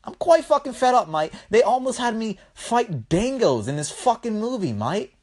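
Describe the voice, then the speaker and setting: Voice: mid-range voice, big pitch swings, moderate pace, darkish tone, pitched above the performer's own voice. Someone doing a fed-up, exasperated mother. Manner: exasperated, stumbling rant. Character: fed-up grieving mother, snapping at a monster.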